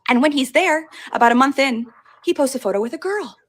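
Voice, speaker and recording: A woman rattling off a personal story at high speed in a storytime clip. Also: animated. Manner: rapid, breathless storytelling. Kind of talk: fast storytime monologue.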